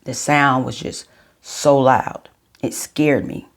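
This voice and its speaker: A middle-aged woman vlogging, telling her viewers a personal story in a chatty, unhurried way. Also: rumbling low, steady tone.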